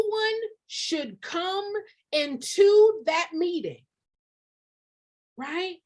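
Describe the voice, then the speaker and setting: A woman with a very high voice coaches nonprofit leaders in fiery, preachy bursts. Her pitch swings widely as she repeats lines for emphasis and slips into shouting. She talks straight to her viewers like a live-stream mentor. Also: sing-song, unhurried. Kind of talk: passionate live-stream advice talk.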